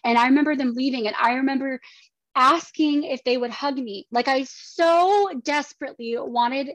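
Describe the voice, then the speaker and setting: A woman in her thirties, a podcast guest, giving personal testimony in an earnest, halting way. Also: high voice, fairly bright tone, no echo. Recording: dry, slightly dull lo-fi sound.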